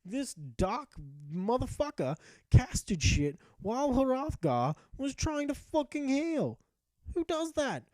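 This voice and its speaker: A man's voice: extremely high pitch, sing-song, slow, darkish tone, no room sound. A young man narrating his gameplay as a mock-epic tale, jokey and profane with ranting asides. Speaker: gameplay commentator.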